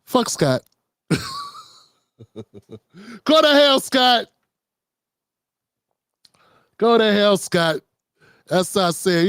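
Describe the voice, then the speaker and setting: A man's voice: sits high, dry recording, clean studio sound. A man hosting his own show, giving mocking, profane comedic commentary on media figures. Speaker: host.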